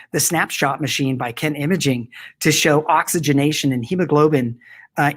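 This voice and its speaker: A man talking as a guest in an interview, enthusiastic and rambling, with many restarts. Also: a little high. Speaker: product company founder, guest. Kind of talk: casual interview talk.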